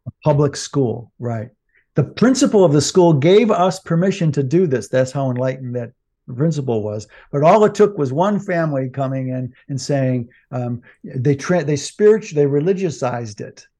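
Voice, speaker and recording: A man's voice: mid-range voice, animated, moderate pace, mellow. A man co-hosting a podcast, talking casually with many fillers and restarts. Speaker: podcast co-host.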